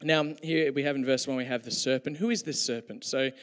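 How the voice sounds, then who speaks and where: A man's voice: medium pitch, fairly even intonation, fairly quick, fairly bright tone. A man preaching a sermon in a conversational way, with joking asides to his listeners, in a church hall. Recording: hall reverb.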